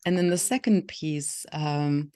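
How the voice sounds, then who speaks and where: Brief: German-accented academic guest, measured and teacherly, mid-range voice. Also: mid-range voice, mellow. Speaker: guest, software engineering professor. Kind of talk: conversational interview answers.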